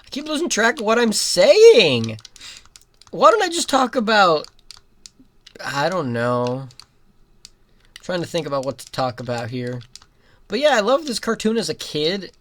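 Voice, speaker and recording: Giggly rambling gamer, lively pitch. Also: measured pace, long pauses. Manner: rambling, giggly, with sudden loud outbursts at the game. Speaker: gaming commentator. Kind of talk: casual let's-play commentary.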